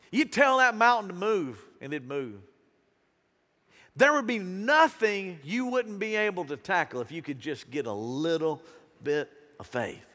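A man preaching a sermon as pastor, animated and casual, acting out Bible characters with slangy asides. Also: high-pitched, in a large hall. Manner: casual slang, southern-tinged phrasing.

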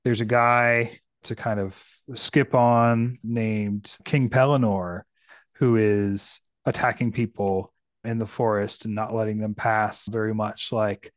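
A man's voice: on the low side, level tone, takes it slowly, dry recording, clean studio sound. A male podcast host from the United States, casually retelling and discussing a book in a chatty, rambling way. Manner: chatty, rambling, lots of restarts.

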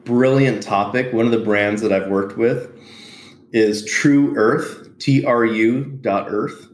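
A man being interviewed about his business, telling lively stories, acting out quotes and laughing often. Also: fairly low pitch, slow. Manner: animated storyteller, laughs often, acts out quotes. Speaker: podcast guest, entrepreneur. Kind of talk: casual interview storytelling. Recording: roomy echo.

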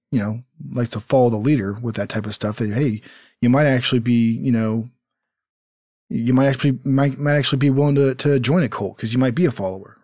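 A man's voice: medium pitch, darkish tone, no room sound, studio quality. A man hosting a casual podcast, rambling with many fillers and restarts. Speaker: podcast host.

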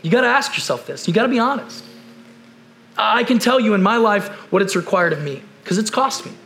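A man preaching a conversational sermon, repeating key phrases and firing off rhetorical questions, then dropping to quiet, slow emphasis. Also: high voice, expressive. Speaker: pastor.

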